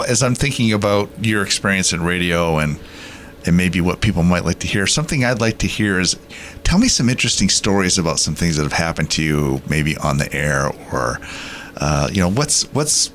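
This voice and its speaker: Low-voiced guy cohosting local radio, friendly storyteller, bit of hiss. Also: expressive, fairly quick, fairly bright tone. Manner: friendly, storytelling, laughs easily. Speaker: radio co-host. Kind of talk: casual radio interview.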